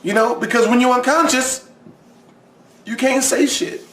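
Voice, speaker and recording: A man hosting a reaction video, riffing with profane comedic commentary and sudden loud outbursts. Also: very high-pitched, measured pace, reverberant. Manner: crude, loud outbursts, mock voices of others.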